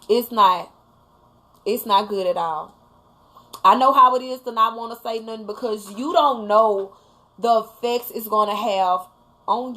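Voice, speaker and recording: Emphatic higher-voiced mother talking to viewers. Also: sharp tone. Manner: emphatic, keeps addressing viewers, blunt with swearing. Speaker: livestream host talking to viewers. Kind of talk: casual heartfelt talk to viewers.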